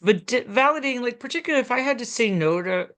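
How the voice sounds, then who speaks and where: A middle-aged woman counseling parents in an animated talk, often slipping into quoted voices and filler words. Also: on the high side, fast.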